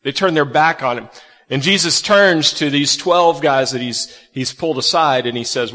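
A man's voice: fairly high pitch, moderate pace, sharp tone, big-room sound. A man preaching a conversational sermon, asking his listeners questions as he walks through scripture. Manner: conversational, asks the audience questions. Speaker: pastor.

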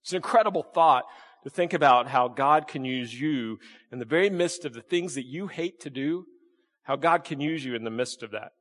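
A man preaching a sermon as pastor, folksy and talking to the congregation, with sudden jumps into high acted-out voices. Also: moderate pace, fairly bright tone. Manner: folksy, acts out voices with big pitch jumps. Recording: echoey hall reverb.

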